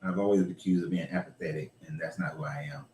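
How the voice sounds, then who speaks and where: A man's voice: deep voice, steady tone, quick pace, dark tone, echoey room, slight background noise. A man hosting a casual livestream chat, blunt and rambling, with profanity and laughs. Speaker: host.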